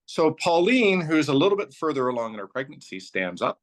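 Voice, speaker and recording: A man's voice: medium pitch, big pitch swings, fast talker. Man telling a personal story casually. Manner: loose and rambling, strings clauses with "so" and "like". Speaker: company founder telling his story as a guest.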